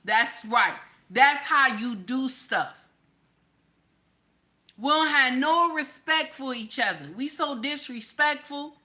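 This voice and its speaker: A woman delivers a casual, profane rant to her audience. Her voice sits a little high and sounds bright and forceful. She hammers her points by saying them twice. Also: slow. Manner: blunt, profane, repeats lines for emphasis. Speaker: commentary channel host. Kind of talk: casual ranting commentary.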